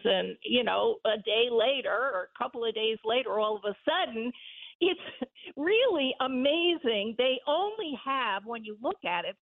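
A woman talking politics in a casual chat, animated and laughing often as she talks. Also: medium pitch, creaky. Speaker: political commentator. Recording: tinny phone-line sound.

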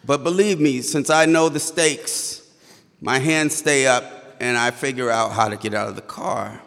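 Gravelly man telling a story on stage. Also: mid-range voice, steady tone, fairly bright tone, long reverb tail. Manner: halting, stammers when tense. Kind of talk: live personal storytelling.

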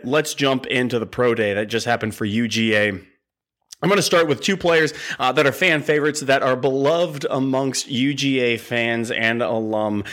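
A man's voice: medium pitch, a bit bright. This is a man running a sports podcast on his own, rambling cheerfully in plain fan talk. He jokes along the way and keeps the tone casual and enthusiastic. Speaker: podcast host.

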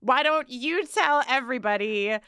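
Animated, swearing woman podcast co-host. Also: high-pitched, normal speed, smooth, dry recording, clean studio sound. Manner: animated, profane, laughs often. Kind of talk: casual chat.

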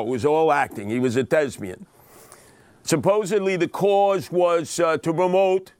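A man's voice: mid-range voice, clean tone, no echo. A man, hosting a podcast and delivering a dramatic, indignant monologue about crime news, acting out the quotes. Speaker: podcast host.

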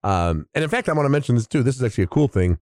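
A man in his sixties hosting a podcast, telling stories in a chatty, animated way with big pitch swings. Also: very fast, no room sound, clean studio sound. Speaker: podcast host. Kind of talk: casual storytelling monologue.

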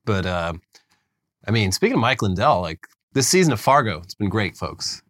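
A man co-hosting a comedy podcast, trading deadpan jokes and dropping low for punchlines. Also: normal speed. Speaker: podcast co-host. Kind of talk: casual comedic chat.

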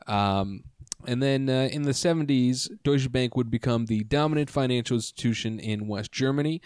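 A man's voice: medium pitch, normal speed, darkish tone, clear, resonant tone, dry recording. A man co-hosting a podcast, rambling through history notes with frequent swearing and fillers into a studio microphone. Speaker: podcast co-host. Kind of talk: casual podcast chat.

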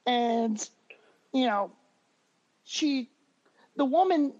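High-voiced man telling animated stories. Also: extremely slow. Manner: animated, laughs through stories. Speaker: podcast guest. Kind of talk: casual storytelling. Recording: dull lo-fi recording.

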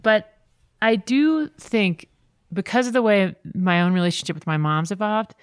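A middle-aged woman talking casually, animated and quick to act out voices in her stories. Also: medium pitch, clear, resonant tone, dry recording, clean studio sound. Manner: animated storyteller, jumps into quoted voices. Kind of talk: casual conversation.

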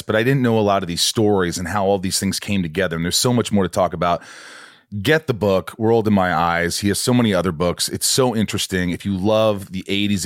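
A man's voice: lowish voice, dry recording, clean studio sound. A man hosting a podcast, talking in a gushing, rambling, enthusiastic way. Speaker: podcast host. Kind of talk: casual podcast chat.

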